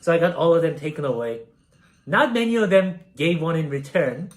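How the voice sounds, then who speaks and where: A man's voice: a little high, expressive, brisk. A young man from South Korea casually telling a story while baking, rambling and self-deprecating, with many fillers. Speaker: streamer.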